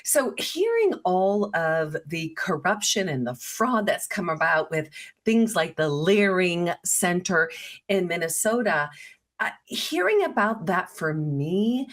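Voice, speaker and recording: A woman co-hosting a talk show, enthusiastic and emphatic as she tells her points. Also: fairly low pitch. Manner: enthusiastic, emphatic, laughs often. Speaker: co-host, coach.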